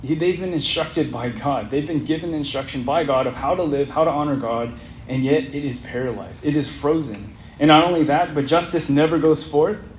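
A man with a fairly high voice speaking at a normal pace leads an interactive Bible study, earnestly asking the group questions as he reads. The recording has a roomy echo and faint background noise.

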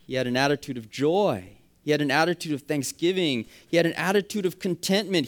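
Emphatic preaching man, fairly high voice. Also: expressive, brisk, hardly any pauses. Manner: emphatic preaching with rising, punchy phrases and quiet drops. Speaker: pastor. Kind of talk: sermon.

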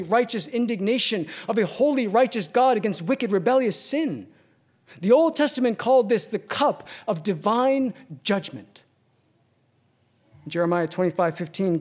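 A man with a high-pitched voice preaches a sermon, swinging between ringing emphasis and hushed near-whispers and using slow, deliberate repetitions.

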